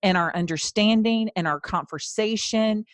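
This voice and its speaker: A woman's voice: mid-range voice, normal speed, no echo. A middle-aged woman hosting a podcast, telling family stories in an earnest, casual way with frequent restarts. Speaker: podcast host. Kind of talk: casual chat.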